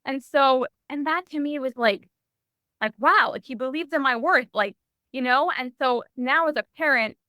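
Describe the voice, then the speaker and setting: A young adult woman sharing a personal story in a podcast interview, animated and full of "like" and restarts. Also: sits high, normal speed, no room sound. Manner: animated, heavy use of "like", frequent restarts. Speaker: podcast guest.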